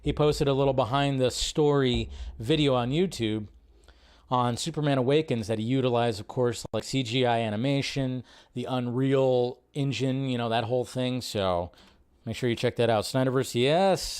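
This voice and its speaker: A man's voice: medium pitch, moderate pace, clear, resonant tone. A man hosting a live movie news stream, chatting casually in a rambling way and often repeating his phrases.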